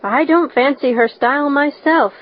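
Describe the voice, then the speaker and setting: A woman voicing a stern, practical older woman who speaks in a brisk, scolding way. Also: high voice, lightly acted. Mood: dry resolve. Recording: dull lo-fi recording.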